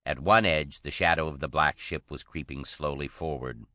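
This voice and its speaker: A man reads an audiobook in a steady, even way. His voice is very deep, with a bright, forceful edge. The recording is dry and close. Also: normal speed, dry recording. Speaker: narrator. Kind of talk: audiobook narration.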